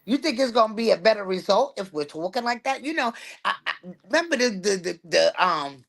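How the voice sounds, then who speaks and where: A woman's voice: mid-range voice, animated, fairly quick, creaky, fairly bright tone. A woman in casual chat, talking emphatically and with a preachy edge.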